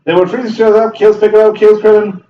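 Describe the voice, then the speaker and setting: A man's voice: high-pitched, level tone, fast talker, echoey room, far from the mic, highs cut off. A man hosting a gaming video, ranting in heated, profane commentary while he plays. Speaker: gaming channel host.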